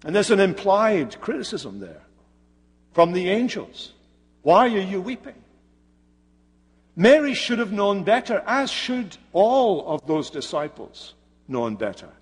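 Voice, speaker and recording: Male preacher, slightly high voice, slow dramatic sermon delivery, reverberant hall. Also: wildly swooping pitch, slightly rough. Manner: slow, dramatic storytelling with pauses.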